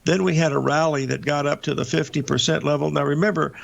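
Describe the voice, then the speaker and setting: Gravelly older man talking market charts. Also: a little high, fairly even intonation, quick pace. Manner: rambling, folksy, many filler uhs and restarts. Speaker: market show host. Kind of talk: live market commentary over charts. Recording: dull lo-fi broadcast audio.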